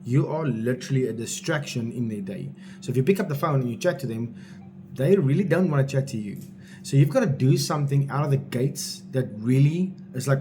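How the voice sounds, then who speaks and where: A man's voice: mid-range voice, expressive, fairly quick, background noise. A man coaching salespeople in a blunt, informal way, driving each point home with repetition. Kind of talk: direct-to-camera coaching talk.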